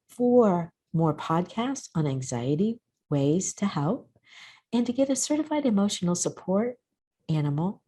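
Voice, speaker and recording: A woman gives cautionary advice as a counselor on her own show. She speaks earnestly in short, paused phrases. Her voice is warm and mellow and sits a little low. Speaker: counselor hosting a mental health show. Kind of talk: advice talk to camera.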